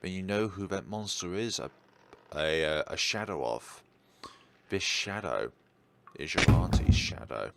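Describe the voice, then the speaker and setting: A man's voice: low voice, expressive, unhurried, creaky, noisy background. A man playing a horror game, reading its dialogue aloud and adding wry asides. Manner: wry asides, reads all roles aloud. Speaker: let's play host.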